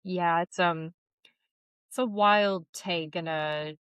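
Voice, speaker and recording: A woman with an acting background co-hosting a podcast, chatting casually about a TV episode in a theatrical, animated way. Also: fairly low pitch, slow pace, smooth, no echo. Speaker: podcast co-host; trained actor. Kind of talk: casual chat recapping a TV episode.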